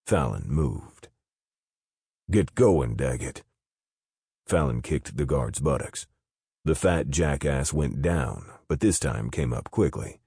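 Very deep, husky male narrator. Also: no echo, clean studio sound. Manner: steady, measured storytelling. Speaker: audiobook narrator. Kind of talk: scripted narration of an action novel.

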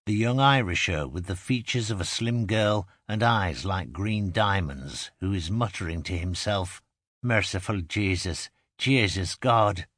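Low-voiced man narrating a memoir. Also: fairly bright tone, no echo, studio quality. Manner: measured, vivid first-person storytelling. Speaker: audiobook narrator. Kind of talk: scripted narration.

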